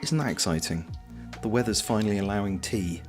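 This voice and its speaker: A man's voice: lowish voice, fairly quick. A man hosting a casual livestream, chatting and reading viewer messages aloud. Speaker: livestream host. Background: soft lo-fi background music.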